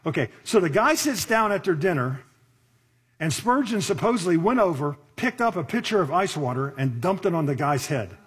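Husky-voiced man preaching conversationally. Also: on the high side, big pitch swings. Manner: conversational preaching, rhetorical questions, slows for emphasis. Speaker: pastor. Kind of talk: sermon.

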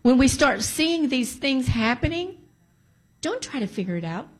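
A woman's voice: sits high, big pitch swings, normal speed, slightly rough. A woman giving a testimony to a congregation, emphatic and repeating phrases for stress. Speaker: church speaker giving testimony.

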